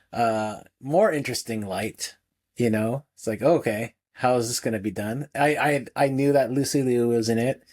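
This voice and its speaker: A man's voice: mid-range voice, a little mellow. Rambling man on a film podcast. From United States. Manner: rambling, many restarts, laughs often. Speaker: podcast co-host. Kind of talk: casual film review chat.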